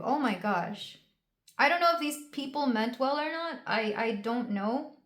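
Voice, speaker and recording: A woman's voice: fairly high pitch, moderate pace. Young woman doing a tarot reading, rambly and emotional, lots of ums, kinda echoey room. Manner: emotional, rambling, with many fillers and restarts. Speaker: tarot reader. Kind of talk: casual tarot reading to camera. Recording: roomy echo.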